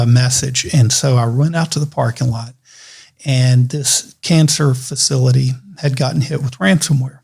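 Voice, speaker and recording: A man, an attorney guest on a podcast, telling a story in a lively, conversational way with fillers. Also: medium pitch, gravelly. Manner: animated storyteller with laughs and fillers.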